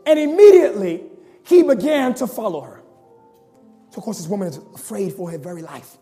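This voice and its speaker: A male preacher with a very high voice tells a sermon story with dramatic flair, acting out the people in it. His delivery builds to loud, shouted appeals, and soft music plays behind him. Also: lively intonation, fairly quick.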